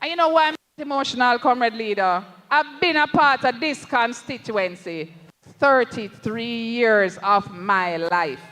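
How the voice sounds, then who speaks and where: A parliamentary candidate speaking with a Jamaican accent gives a slow, emphatic, impassioned rally speech, turning again and again toward the party leader. The pitch is medium, the tone bright and forceful, with a long reverb tail.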